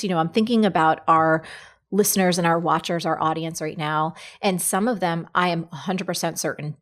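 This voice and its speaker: A woman hosting an interview, asking curious, enthusiastic questions. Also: lowish voice. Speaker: host. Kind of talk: interview host.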